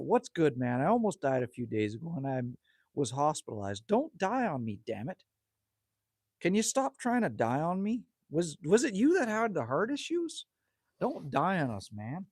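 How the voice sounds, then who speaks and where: A middle-aged man with a high, slightly husky voice hosts a live stream from a campfire outdoors. He talks bluntly and jokes with viewers, his pitch leaping up and down. The sound is close and dry. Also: huge pitch swings, moderate pace, no room sound. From Northwest Territories, Canada. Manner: chatty, blunt, joking with viewers. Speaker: livestream host reading chat. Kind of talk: casual live stream chat.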